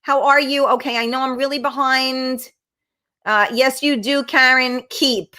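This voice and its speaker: A woman's voice: sits high, fairly even intonation, unhurried, pushed and bright. A middle-aged woman hosting a casual live-stream chat, blunt and brash, swearing freely as she reads viewer comments. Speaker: talk show host.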